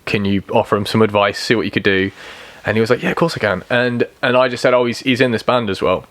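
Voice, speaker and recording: A man's voice: lowish voice, fast talker, no echo. A young man, a band member guest on a podcast, chatting casually and acting out quotes as he tells stories. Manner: animated storyteller, acts out quotes.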